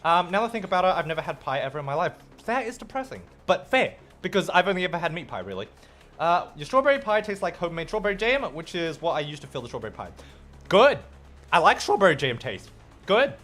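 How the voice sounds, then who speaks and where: A man's voice: on the high side, very animated, fast talker, a bit bright, faint music behind. A young man, a streamer, chatting casually and playfully with viewers while gaming. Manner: chatty and playful, reacts to chat. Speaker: streamer and host.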